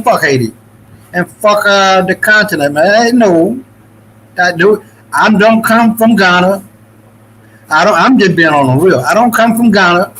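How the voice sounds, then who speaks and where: A man's voice: sits high, pushed and bright, a little hiss or hum, low-quality recording. A man from the Dominican Republic in a casual, rambling talk-show chat, swearing freely and restarting his sentences often. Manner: loose, profane, rambling with many restarts.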